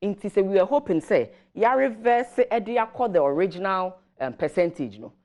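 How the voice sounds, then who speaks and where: A Ghanaian-accented woman explaining government policy on a morning show, measured and switching between Twi and English. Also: mid-range voice, lively intonation, a little mellow. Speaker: government guest commentator.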